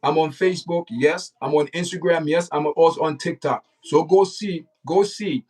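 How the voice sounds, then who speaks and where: Man, livestream commentary, preachy, repetitive, fairly high voice, distant mic. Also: moderate pace, a little mellow. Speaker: livestream host.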